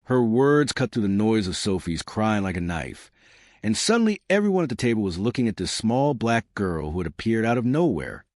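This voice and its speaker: A man giving scripted dramatic story narration, expressive and steady. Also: lowish voice, no room sound, clean studio sound.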